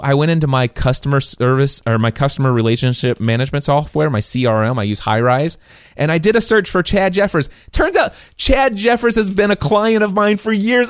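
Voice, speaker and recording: A podcast host delivers a solo monologue from a small studio, telling stories with enthusiasm and acting out quoted dialogue. His voice sits high with a clean tone, and the studio microphone picks up no echo.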